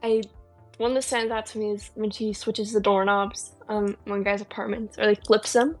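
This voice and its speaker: A woman's voice: mid-range voice, flat delivery, moderate pace, faint music behind. A woman co-hosting a casual film podcast, talking eagerly with lots of ums. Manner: enthusiastic, chatty, lots of ums. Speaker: podcast co-host.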